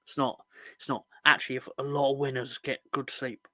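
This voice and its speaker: A man's voice: medium pitch, level tone, fairly quick, pushed and bright, no echo. A man co-hosting a football podcast, casually reading out viewer comments in a rambling, joking way, swearing and correcting himself as he goes.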